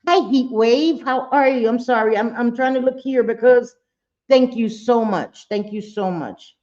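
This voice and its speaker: A woman's voice: on the high side, measured pace, a little mellow, muffled recording. A woman hosting a casual livestream chat, blunt and talkative, swearing freely and greeting viewers by name. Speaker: livestream host.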